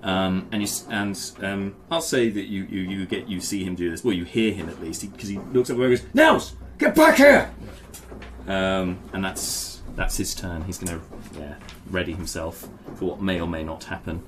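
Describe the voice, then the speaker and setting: A man's voice: deep voice, flat delivery, moderate pace. A man narrating as game master, hesitant and full of restarts. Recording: noisy home recording.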